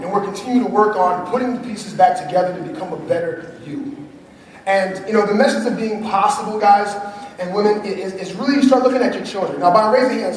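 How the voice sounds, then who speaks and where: A man in his thirties giving an energetic motivational speech to a live audience, laughing often and building to shouts. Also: high voice, slight background noise. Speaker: motivational speaker. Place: large conference hall. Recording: echoey hall recording from far off.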